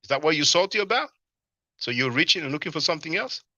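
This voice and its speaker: A man's voice: on the high side, animated, fast talker, pushed and bright, dry recording. A man hosting a casual livestream, laughing often and reading chat comments aloud to answer them. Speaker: livestream host. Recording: dull, lo-fi stream audio.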